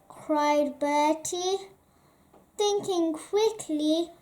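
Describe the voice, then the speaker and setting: A woman reading a children's story aloud, slow and expressive. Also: high voice. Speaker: storybook reader.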